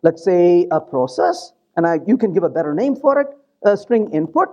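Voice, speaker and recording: A male conference presenter with a fairly high, mellow voice that swings up and down a lot. He jokes and keeps checking in with the audience. The recording is dull and lo-fi. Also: moderate pace. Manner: animated, joking, keeps asking the audience "right?". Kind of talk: live technical conference talk.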